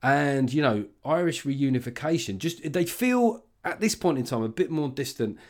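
Guy hosting a podcast, chatty, swears a lot, laughs easy, mid pitch. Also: lively intonation, moderate pace. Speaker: podcast host. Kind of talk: casual political chat.

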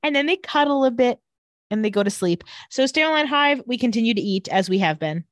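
A woman's voice: fairly high pitch, animated, a little fast, no room sound. A woman co-hosts a casual recap podcast, playful and sassy, with a voice that rises and falls a lot. The sound is dry and close. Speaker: podcast co-host.

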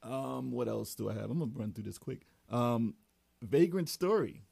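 A man's voice: medium pitch, expressive, moderate pace, creaky, mellow, husky, no echo. A man in casual podcast chat about video games, laughing often while running through a list.

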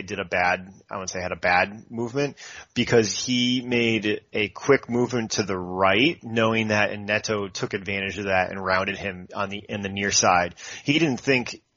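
A man co-hosting a casual football podcast, breaking down plays in a measured way with fillers. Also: lowish voice, sharp tone, no echo. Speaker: podcast co-host. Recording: dull lo-fi podcast audio.

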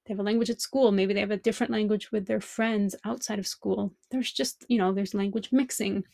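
A woman's voice: mid-range voice, steady tone, brisk, gravelly, dark tone, no room sound. A woman language teacher hosting a podcast, thinking aloud in a reflective monologue full of rhetorical questions.

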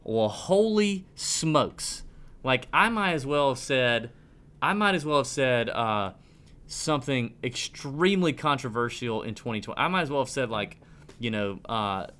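Podcast host, man in his 30s, average pitch, fired-up rant, trips over his words. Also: unhurried. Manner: animated ranting, stumbling restarts. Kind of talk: casual podcast chat.

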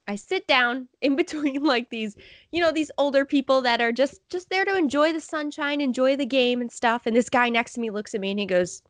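A woman's voice: high-pitched, brisk, no echo. A woman co-hosting a podcast, telling stories in casual chat and acting out what other people said, laughing often. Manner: animated storytelling, acts out other people's lines. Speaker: podcast co-host.

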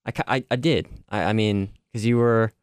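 A man's voice: fairly low pitch, steady tone, fairly quick, clean tone, dry recording, clean studio sound. A man co-hosting a podcast, speaking hesitantly and reflectively with frequent restarts. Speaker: podcast co-host. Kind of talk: casual conversation on a podcast.

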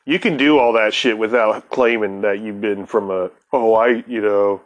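A man's voice: lowish voice, normal speed, muffled recording. A middle-aged man hosting a podcast, talking casually in a rambling way, swearing heavily as he goes. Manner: profane, rambling, heavy swearing. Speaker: podcast host. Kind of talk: casual chat.

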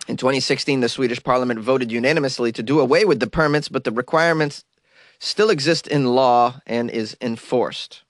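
A host with a cold reads news items aloud briskly in a mid-range voice, dropping wry, mocking comic asides between them. The sound is clean studio audio with no room noise.

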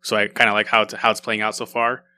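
A man's voice: fairly low pitch, completely flat delivery, quick pace, pushed and bright. A man co-hosting a podcast, chatting casually and rambling with many restarts. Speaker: podcast co-host. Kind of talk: casual chat.

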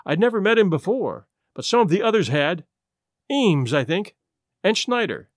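A man's voice: high-pitched, very animated, moderate pace, no room sound, studio quality. A man doing a nervous young secretary. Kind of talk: audiobook character voice.

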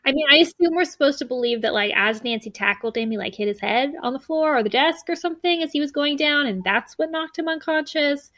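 A young woman chats through a story recap with lots of energy, slipping into quick voices for each character. Her voice sits high and bright, and the recording is close and dry with almost no room sound. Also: dry recording. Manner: animated retelling, acts out characters' lines, laughs often. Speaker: podcast co-host. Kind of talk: casual chat recapping a book.

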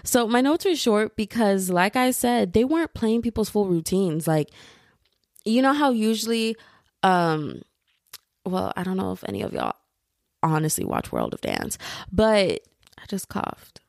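A woman's voice: mid-range voice, big pitch swings, unhurried, vocal fry, a little mellow, dry recording, clean studio sound. A young woman hosting her own podcast, rambling in casual chat and laughing often. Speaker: podcast host.

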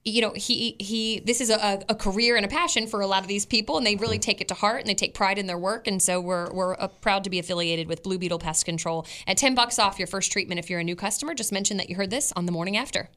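A woman's voice: medium pitch, fast, few pauses, fairly bright tone. A middle-aged woman, co-hosting a morning radio show in chatty, easily laughing banter.

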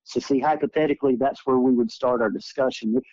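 Speaking at a quick pace in a mid-range, darkish voice, the same kind of guest, a forties-aged energy healer being interviewed, shares spiritual healing stories with earnest emphasis, conversationally. The sound is dry and comes through as a dull lo-fi recording.

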